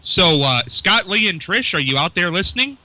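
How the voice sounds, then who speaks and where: Bright-voiced chatty radio host man. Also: high-pitched, lively intonation, no echo, rough recording. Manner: loose, chatty, joking, reads phone numbers slowly. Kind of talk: casual local radio chat. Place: small radio studio with co-host.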